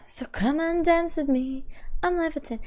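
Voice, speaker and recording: A woman's voice: high voice, moderate pace, a little mellow. A young adult woman streamer chatting casually and reading her chat aloud. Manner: chatty, reads chat aloud, frequent laughs and "like".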